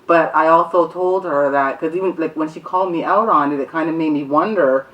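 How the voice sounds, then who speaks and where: A woman's voice: low voice, brisk, recorded from a distance, dull audio. A mother co-hosting a casual talk show, frank and chatty. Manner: frank, chatty, laughs often. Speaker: co-host.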